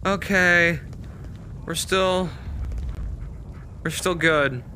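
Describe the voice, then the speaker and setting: A man's voice: high voice, steady tone, drawn-out words, pushed and bright, slight background noise. A man streaming a horror game, jumpy and swearing constantly, with nervous laughter. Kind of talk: live horror game commentary.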